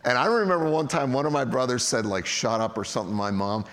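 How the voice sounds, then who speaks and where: A man's voice: mid-range voice, expressive, fast talker, fairly bright tone. A man preaching a sermon in a jokey, conversational way, recorded in a large church hall. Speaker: pastor. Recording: long hall reverb.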